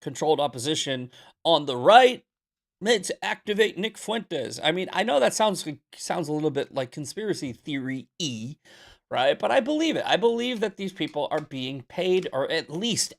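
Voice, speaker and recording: A man's voice: on the high side, sing-song, moderate pace, creaky. A man hosting a live political commentary show, talking emphatically, repeating himself and reading from the chat with sarcastic asides. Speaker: livestream political show host.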